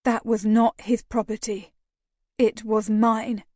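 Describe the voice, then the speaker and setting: A woman voicing a proud young widow who speaks with tight, controlled defiance, slowly and in a dry sound. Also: on the high side, level tone, warm tone, no echo. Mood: defiant.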